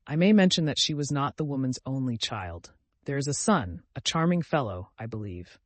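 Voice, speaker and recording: A man's voice: medium pitch, lively intonation, moderate pace, no room sound, lightly acted. A man reading the part of a young man who is cold, bored and self-absorbed, speaking in a languid, dismissive way.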